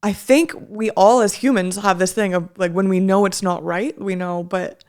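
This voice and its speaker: A woman's voice: mid-range voice, steady tone, moderate pace, darkish tone. A woman with a Canadian accent co-hosting a podcast, speaking thoughtfully in a searching way. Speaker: podcast co-host. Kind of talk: casual reflective chat.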